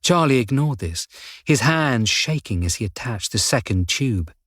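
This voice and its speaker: Man narrating a thriller audiobook, steady and measured, dry close mic, mid pitch. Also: no room sound. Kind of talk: scripted narration.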